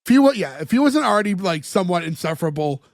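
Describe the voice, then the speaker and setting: A man co-hosting a podcast, retelling sitcom scenes in casual chat, full of "like" fillers and quick laughs. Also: high-pitched, very animated, gravelly, no echo, studio quality. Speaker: podcast co-host.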